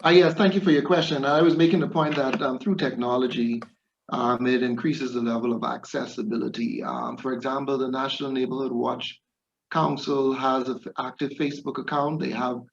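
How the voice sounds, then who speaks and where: A man's voice: mid-range voice, level tone, brisk, vocal fry, highs cut off. A man speaking for the police on a panel, hesitant and full of fillers. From Bahamas. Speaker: police representative. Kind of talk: panel discussion.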